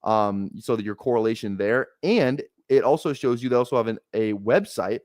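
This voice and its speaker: A young man hosting a casual live stream, talking fast in rambling bursts with restarts and plenty of swearing. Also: mid-range voice, darkish tone, no room sound, studio quality. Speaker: fantasy football streamer.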